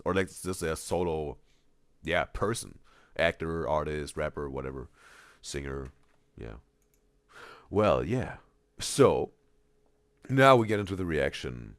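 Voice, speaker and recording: Deep-voiced, gravelly, unhurried male streamer. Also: dry recording, clean studio sound. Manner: halting, repeats words, reads chat aloud; drops to soft, near-whispered talk. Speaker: streamer reacting to videos. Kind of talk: live stream reaction chat.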